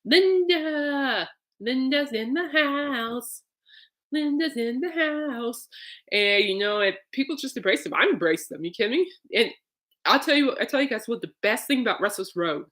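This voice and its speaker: A woman's voice: mid-range voice, animated, moderate pace, a bit bright. A woman hosting a podcast in casual, rambling chat, laughing often. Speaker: podcast host.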